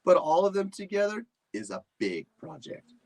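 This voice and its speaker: A man's voice: fairly high pitch, big pitch swings, normal speed, dry recording, pitched above the performer's own voice. A man voicing a chatty, eager male pet dog who talks in a protesting, boastful way. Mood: insistent.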